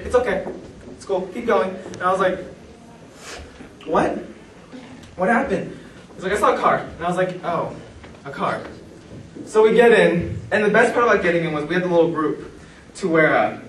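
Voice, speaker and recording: A man telling stand-up stories on a comedy club stage, animated and acting out the people in them. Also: on the high side, recorded from a distance. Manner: animated, acts out quoted voices. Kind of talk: stand-up storytelling. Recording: roomy club sound from afar, noisy. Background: club audience laughter.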